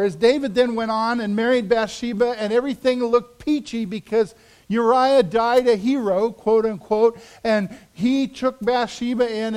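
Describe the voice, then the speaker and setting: Pastor guy preaching, high voice, goes real quiet then builds back up, dramatic. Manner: dramatic, drops to a hush for emphasis then rises. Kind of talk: sermon.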